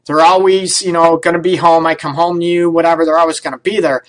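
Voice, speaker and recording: Guy counselor doing a radio advice show, a bit higher voice, super casual, lots of "right?" and "you know". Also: little pitch movement, fast talker, rough recording. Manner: conversational, frequent "right?" and "you know", blunt with mild swearing. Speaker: relationship counselor and radio host.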